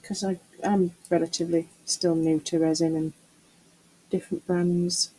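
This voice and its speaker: A woman's voice: on the low side, little pitch movement, moderate pace, warm tone, breathy edge, poor audio. A middle-aged woman chatting casually to camera while doing a resin craft, muttering to herself and teasing herself about her mess. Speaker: craft vlogger.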